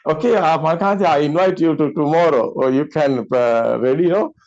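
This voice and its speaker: Male host, halting delivery, lots of fillers, laughs often; muffled video call sound. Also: fairly high pitch, darkish tone. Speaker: discussion host. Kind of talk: casual video call discussion.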